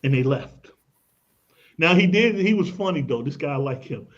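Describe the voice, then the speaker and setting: Emphatic high-voiced man on radio. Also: animated, moderate pace, highs cut off. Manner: emphatic, tells anecdotes, repeats "look at this". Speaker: credit expert guest. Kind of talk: radio interview, lively explaining.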